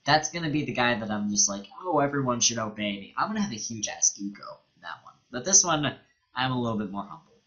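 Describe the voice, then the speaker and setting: A man's voice: mid-range voice, big pitch swings, fast, bright, forceful tone, lo-fi sound. A young man hosting a let's play, reading the game's dialogue aloud and joking casually between lines. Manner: casual, joking, reads in-game text aloud.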